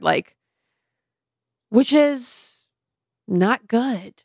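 A woman's voice: mid-range voice, animated, moderate pace, gravelly, a bit bright, smooth, no echo, clean studio sound. Chatty woman telling a self-mocking story. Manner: candid, self-mocking storytelling with many fillers. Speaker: podcast co-host. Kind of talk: casual chat.

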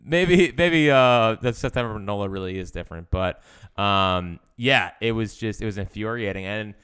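A man's voice: fairly low pitch, normal speed, a bit bright, smooth. A young man co-hosting a sports podcast, rambling in casual chat and venting his frustration as a fan.

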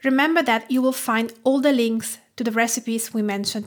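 A woman's voice: fairly high pitch, normal speed, hardly any pauses. A woman from Tuscany with an Italian accent, hosting her cooking podcast in a scripted, grateful tone. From Tuscany, Italy. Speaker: podcast host, food writer.

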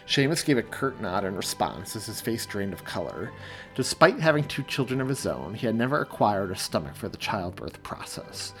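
A man, the author, reading his own story aloud in a measured, steady audiobook narration. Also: lowish voice, faint music behind.

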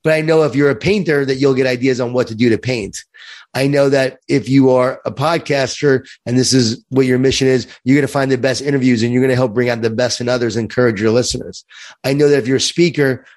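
A man's voice: mid-range voice, steady tone, quick pace, darkish tone. A man from Long Island with a light New York accent, a guest in an interview who speaks in an earnest, upbeat way and repeats words while he thinks. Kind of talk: interview conversation.

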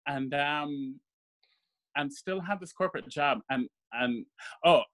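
A man's voice: on the high side, takes it slowly. A man, a stage actor, telling stories in a casual interview and acting out the voices of people he quotes. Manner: animated, acts out quoted voices. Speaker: guest actor.

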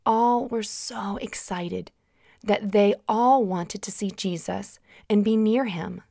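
A woman hosting a children's Bible story, reading gently and asking her young listeners to answer aloud, her voice still recovering from having been lost. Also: mid-range voice, slow, vocal fry, no echo, studio quality.

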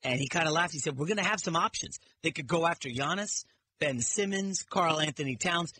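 A man's voice: a little high, a little fast, a little hiss or hum. A middle-aged man guest-hosting sports talk radio, telling stories animatedly and acting out quotes. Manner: animated storyteller, acts out quotes.

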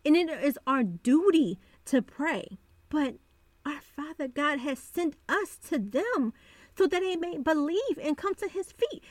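A woman's voice: high-pitched, animated, a little slow, dry recording. A woman hosting a devotional podcast, talking earnestly and repeating phrases for emphasis. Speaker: podcast host.

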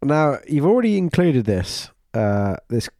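A man hosting a casual golf podcast, relaxed and enthusiastic, asking easy questions. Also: mid-range voice, a little slow, no room sound, studio quality. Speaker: podcast host.

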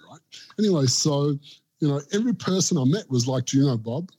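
A man's voice: fairly high pitch, fast talker, dark tone. A middle-aged Australian man, a barbecue pitmaster being interviewed, telling long anecdotes in casual chat and acting out what people said to him. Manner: rambling anecdotes, acts out quoted voices.

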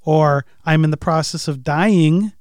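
A man's voice: fairly high pitch, unhurried, a little mellow, no room sound. A man co-hosting a podcast, casually speculating about song lyrics and asking questions. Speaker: podcast co-host. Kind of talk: casual analytical chat.

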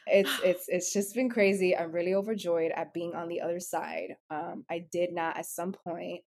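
A woman's voice: on the low side, steady tone, moderate pace, gravelly, darkish tone. A woman in her thirties, co-hosting a podcast, talking in a heartfelt, emotional, rambling way with many fillers. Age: 30s. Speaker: podcast co-host. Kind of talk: casual chat.

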